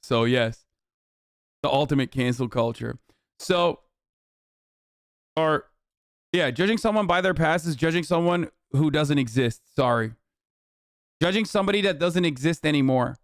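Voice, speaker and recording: A man's voice: a little high, moderate pace, long pauses, no echo, studio quality. A man streaming a heated reaction rant, swearing freely and mocking his critics with sarcasm. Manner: profane, sarcastic, exasperated. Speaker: streamer reacting to clips and chat.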